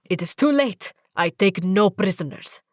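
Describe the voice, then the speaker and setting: A woman's voice: mid-range voice, expressive, unhurried, darkish tone, no room sound, clean studio sound, close to an everyday voice. A woman doing a teasing young prince. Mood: playful.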